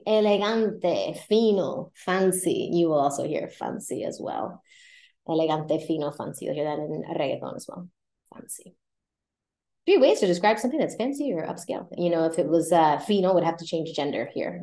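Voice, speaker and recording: A woman with a fairly low voice talks through a vocabulary lesson at an easy, conversational pace. She pauses on fillers and restarts her phrases now and then, and her voice rings in a noticeably echoey room. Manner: relaxed, explains with many fillers and restarts. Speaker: Spanish teacher and podcast host. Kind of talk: casual explanatory lesson.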